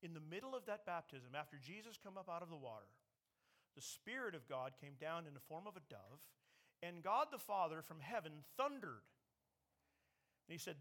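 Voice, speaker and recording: Man, preacher, sermon, emphatic, bright tense tone. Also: fairly high pitch, very animated, moderate pace. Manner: emphatic preaching, quoting scripture with raised voice. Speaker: pastor.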